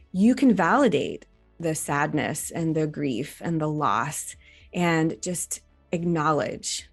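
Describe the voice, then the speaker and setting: A woman doctor in her forties, giving an educational talk to camera in an earnest, gently instructive way. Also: low voice, big pitch swings, slow, gravelly, husky, soft background music. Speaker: reproductive endocrinologist.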